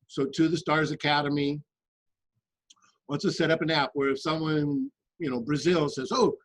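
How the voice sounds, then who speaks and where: A man talking earnestly and with passion in a group discussion, with halting restarts. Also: a little high, flat delivery, no room sound, rough recording. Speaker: guest in a remote viewing discussion.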